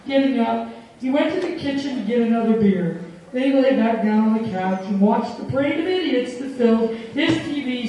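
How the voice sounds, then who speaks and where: A woman's voice: high voice, warm tone, a little hiss or hum. A woman narrating a story aloud, amused and often breaking into laughter. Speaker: reader. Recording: very echoey room, voice far from mic.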